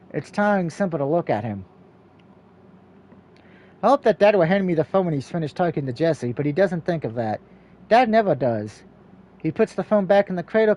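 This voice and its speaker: A man reads the narration of a story game aloud, with a high voice and a dark, mellow tone. He stumbles over words and corrects himself as he goes. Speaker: let's play reader.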